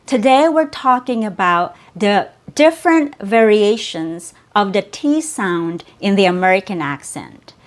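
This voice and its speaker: Speaking in a mid-range voice with lively intonation, a Cebuano-speaking woman teaches English pronunciation. Her lesson is slow and clear, with sounds and words repeated carefully for the learner.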